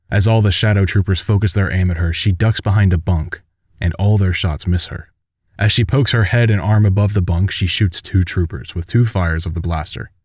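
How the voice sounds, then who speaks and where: A man narrating a fanfiction audiobook in a steady, measured storytelling manner. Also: sits low, no echo, clean studio sound.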